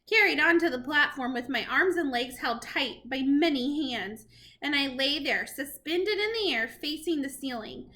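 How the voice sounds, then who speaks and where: A woman reading a storybook chapter aloud to children in an expressive, dramatic way. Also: high voice. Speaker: reader to children.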